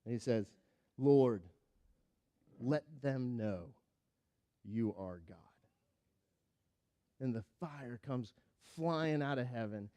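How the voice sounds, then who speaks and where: With a mid-range voice, a male pastor preaches a sermon around a Bible story, bringing the characters to life through acted-out voices and wide swings in volume. He then lowers into a quiet, earnest delivery to draw out the lesson.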